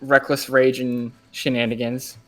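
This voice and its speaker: A tabletop game player explaining moves hesitantly, with many pauses. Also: medium pitch, little pitch movement, soft background music. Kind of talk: casual tabletop game chat.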